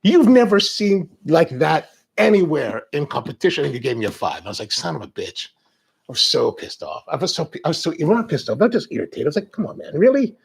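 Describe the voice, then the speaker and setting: A man hosting a coffee show, chatting with viewers and telling animated stories. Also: on the high side, fast talker, creaky, husky. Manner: animated storytelling, acts out quoted exchanges. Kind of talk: live-stream chat with viewers.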